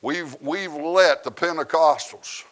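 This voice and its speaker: A man, preaching a sermon that swings from quiet asides to loud shouted preaching. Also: on the high side, takes it slowly.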